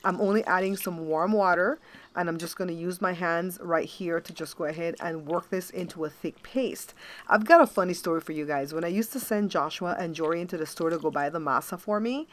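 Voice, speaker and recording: A woman's voice: lowish voice, a little fast. Chatty middle-aged woman hosting a cooking show. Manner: chatty, talks straight to viewers with frequent checks like "okay?". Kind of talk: casual cooking tutorial. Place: home kitchen.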